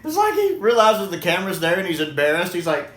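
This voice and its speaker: Chatty guy doing a casual review, keeps cracking up, voice sits kinda high, roomy echo. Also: wildly swooping pitch, quick pace, a bit bright. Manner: laughs often between remarks; chatty, repeats himself, self-corrects. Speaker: video reviewer. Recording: echoey room.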